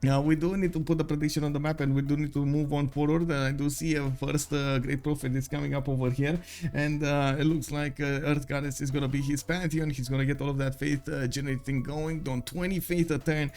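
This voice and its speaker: A man commentates a strategy match live in a relaxed, chatty way, full of fillers and restarts. His fairly high voice has a gravelly edge, and soft music plays faintly under him. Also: fairly quick. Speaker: esports caster. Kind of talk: live game commentary with chat replies.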